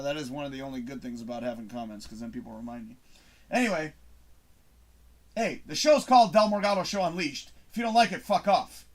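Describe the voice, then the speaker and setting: A man hosting his own show, ranting to camera in a frustrated, swearing monologue with emphatic bursts. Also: high voice. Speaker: host. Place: home studio.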